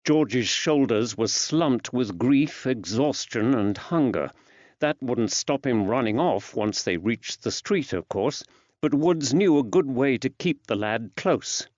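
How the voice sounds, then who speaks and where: A man's voice: medium pitch, animated, slow, a little mellow, no room sound. Man narrating a mystery audiobook, dry. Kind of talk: scripted narration. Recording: dull dry studio sound.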